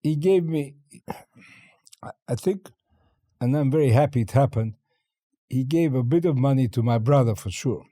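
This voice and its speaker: A lively older man from China tells stories in an interview and acts out every exchange in voices. His pitch jumps high and low, his tone is dark and mellow, and the room sounds dry. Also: normal speed, pauses often, no echo. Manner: animated storyteller acting out dialogue, laughing often. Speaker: guest. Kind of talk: interview storytelling.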